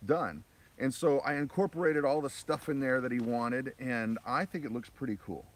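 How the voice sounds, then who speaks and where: A man's voice: mid-range voice, moderate pace. Playful man co-hosting a live stream. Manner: jokey, upbeat, playful. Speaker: livestream co-host. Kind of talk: casual livestream chat. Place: outdoors by a lake.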